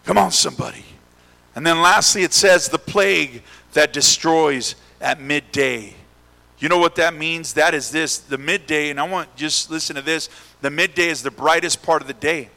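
A young adult male pastor preaching a sermon, calling out to the congregation and building to shouts. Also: fairly high pitch, normal speed, creaky. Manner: call-and-response preaching, rising to shouts. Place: church sanctuary. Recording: echoey hall with long reverb.

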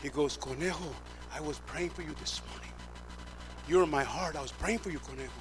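A man's voice: on the high side, fairly quick. A middle-aged man preaching, telling his testimony as an emphatic storyteller who acts out the dialogue. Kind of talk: sermon testimony. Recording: clear background hum.

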